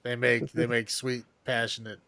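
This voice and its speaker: A man's voice: mid-range voice, little pitch movement, normal speed, sharp tone. A man co-hosting a podcast, giving his take on a film in casual chat, hedging with ums and restarts. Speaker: podcast co-host. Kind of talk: casual movie review chat.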